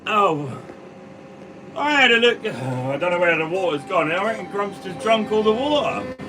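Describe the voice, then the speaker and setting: With vehicle noise around a distant mic, a man who farms talks casually on a live stream from his sprayer cab in the field, welcoming viewers by name. He speaks at a moderate pace, very animated, his voice sitting high.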